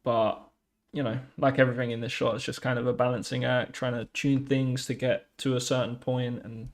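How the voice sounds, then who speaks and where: A man, an animator, casually commenting on an analysis of his own shots in a reflective, measured way. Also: medium pitch, flat delivery.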